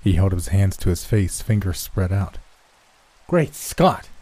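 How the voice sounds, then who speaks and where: A man reading a horror story as scripted first-person narration in a measured, steady way. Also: low-pitched.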